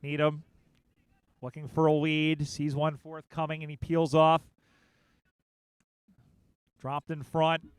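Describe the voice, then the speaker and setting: Crisp, excited male sports commentator. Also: on the high side, dry recording. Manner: excitable play-by-play, quick bursts on big plays. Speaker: play-by-play commentator. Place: outdoor sports field broadcast.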